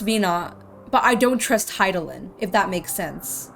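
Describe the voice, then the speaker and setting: A woman's voice: medium pitch, animated, measured pace, creaky. A young woman streamer giving casual commentary on a game, emotional and gushing, rambling with restarts. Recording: game audio with music behind.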